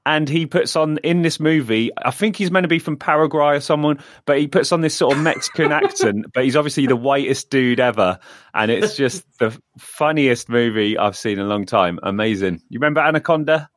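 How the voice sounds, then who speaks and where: A man's voice: mid-range voice, a little fast, no echo. A man in his thirties co-hosting a film podcast, telling stories with eager enthusiasm. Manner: enthusiastic, laughing storyteller. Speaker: podcast co-host. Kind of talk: casual chat. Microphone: remote call recording.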